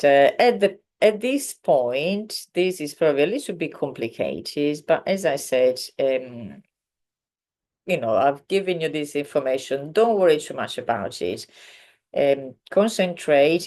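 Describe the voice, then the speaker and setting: A woman's voice: deep voice, lively intonation, unhurried, a little mellow. A woman teaching a grammar lesson in English, hesitant and full of fillers and self-corrections. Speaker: Italian teacher. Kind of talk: slow explanatory grammar lesson.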